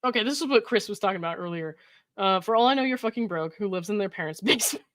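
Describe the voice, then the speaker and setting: Reading texts out loud as a host, this woman laughs a lot, adds exasperated remarks and delivers the quoted messages with mock emphasis, peppered with likes and ums. Her mid-range voice is animated and a bit bright, moving at a quick pace. The recording is dry.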